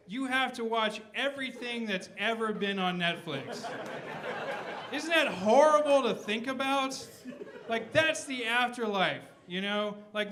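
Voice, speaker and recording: A man's voice: high voice, sharp tone, a little hiss or hum. A young man doing a stand-up set on stage, rambling and swearing and tagging lines with "right?". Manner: profane, rambling, keeps asking "right?". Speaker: stand-up comedian. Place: on stage before a live audience.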